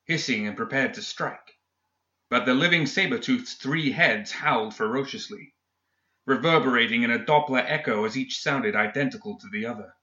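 Male audiobook narrator, steady storytelling, echoey room. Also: medium pitch, normal speed, lo-fi sound. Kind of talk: scripted narration.

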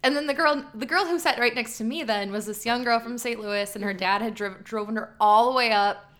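A woman co-hosting a podcast, telling stories in animated casual chat and laughing easily. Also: fairly high pitch, a little fast. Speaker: podcast co-host.

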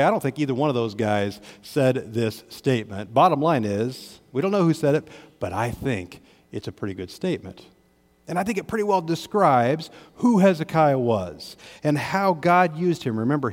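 Male pastor, mid pitch, chatty sermon delivery with asides, church room with long reverb. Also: a little mellow. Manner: conversational preaching with varied emphasis, asides to the congregation. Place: church sanctuary.

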